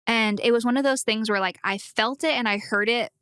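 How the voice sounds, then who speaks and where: A woman sharing a personal faith story in a casual discussion. She speaks earnestly, acts out the quotes she tells, and sometimes drops to a soft whisper. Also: on the high side, fairly quick, smooth, no echo, studio quality. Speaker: podcast guest.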